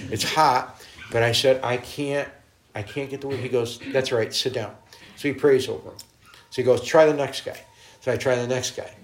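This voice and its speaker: A middle-aged man sits as a guest and tells stories in an easygoing, animated way. His pitch sits in the middle of the male range. He acts out other people's lines and laughs as he goes. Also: a little hiss or hum. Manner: animated storyteller, voices quotes, laughs often. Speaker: guest minister. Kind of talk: casual storytelling interview.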